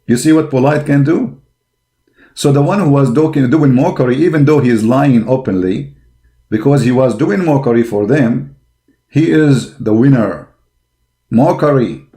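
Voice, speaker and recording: A man's voice: mid-range voice, normal speed, dark tone. A man giving a combative religious monologue, blunt and scornful, speaking emphatic English with broken grammar. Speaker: religious polemic commentator.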